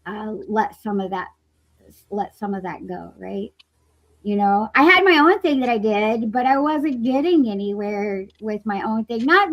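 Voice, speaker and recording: Chatty woman with a bright voice. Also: fairly high pitch, rough recording. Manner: chatty, animated, trails off and restarts, swears casually. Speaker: roundtable participant. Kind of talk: casual roundtable chat.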